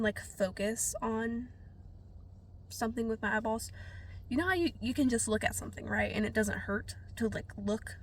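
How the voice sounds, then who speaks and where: A woman's voice: on the high side, a little hiss or hum. Rambling sniffly young woman. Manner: rambling, filler-heavy, self-deprecating. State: sniffly from a cold. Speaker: vlogger. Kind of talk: casual storytelling to camera.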